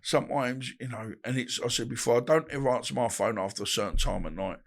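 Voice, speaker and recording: Fast and creaky at medium pitch, a boxer in his 50s guests on a podcast and tells stories interview-style, animatedly voicing the people he quotes and shifting voices to act out phone calls and fights.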